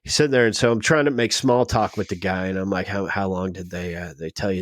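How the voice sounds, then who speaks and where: A man telling a story on a podcast, animated and acting out the dialogue of the people in it. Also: sits low, quick pace, no echo. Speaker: podcast guest. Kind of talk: casual storytelling.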